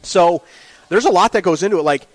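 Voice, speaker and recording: A man's voice: high-pitched, a little fast, dry recording, poor audio. Chatty man. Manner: rambling, animated storytelling with restarts. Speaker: sports director guest. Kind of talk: casual podcast interview. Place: restaurant.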